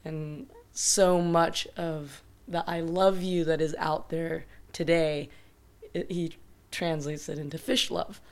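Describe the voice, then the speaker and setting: A woman's voice: sits low, level tone, slow pace. A woman in her thirties sharing thoughts reflectively in a casual conversation. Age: 30s. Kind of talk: casual chat.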